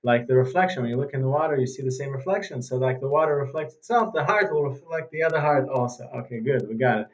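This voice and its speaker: A man's voice: mid-range voice, lively intonation, fast, few pauses. A man teaching an informal religious lesson as a rabbi, telling stories and repeating phrases for emphasis. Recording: dull, muffled recording.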